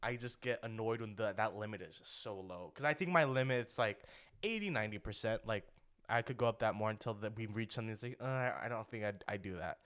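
A young man co-hosting a podcast, chatting casually in a rambling, animated way full of fillers. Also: on the low side, fast. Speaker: podcast co-host. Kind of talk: casual chat.

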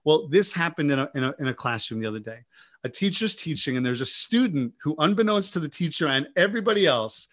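A man co-hosts a casual podcast, telling stories with lots of energy and frequent restarts. His voice is bright and sits a little high for a man. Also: fast. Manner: animated storyteller, many restarts. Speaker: podcast co-host.

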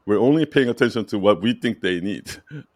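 A man's voice: on the low side, expressive, a little fast, no room sound, clean studio sound. A man coaching a client in casual talk, emphatic and repetitive, checking in with "right?" and laughing lightly. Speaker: brand strategy coach.

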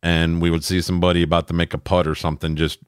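Deep-voiced, profane man ranting. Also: level tone, quick pace, smooth, no room sound, clean studio sound. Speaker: podcast co-host. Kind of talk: casual crude banter.

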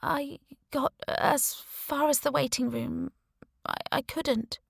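A woman voicing a desperate pregnant woman, defiant and bitter, with a wavering, breathy delivery in an audiobook. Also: high-pitched, fairly even intonation, slow pace, no echo, clean studio sound, voice pushed up, heavily acted. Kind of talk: audiobook character voice.

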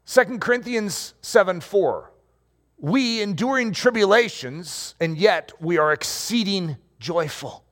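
A middle-aged male pastor preaching a playful sermon, acting out scenes and shouting for effect. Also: high voice, lively intonation, measured pace. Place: room with rows of chairs.

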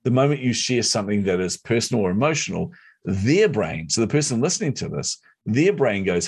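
A middle-aged man telling a personal story as an interview guest, animated and competitive. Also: on the low side, a little fast, slightly rough. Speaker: guest, speaker and entrepreneur.

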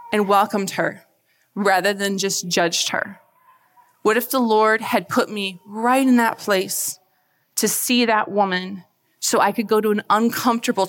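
A woman giving a faith talk to a live audience, chatty and animated, often asking the crowd questions. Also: medium pitch. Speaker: speaker at a church event. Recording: long hall reverb.

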